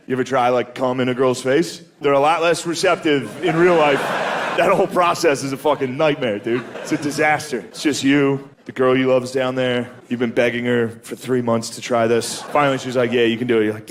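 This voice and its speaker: A man's voice: mid-range voice, background noise. A man doing a crude, conversational stand-up set, chuckling as he talks. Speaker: stand-up comedian.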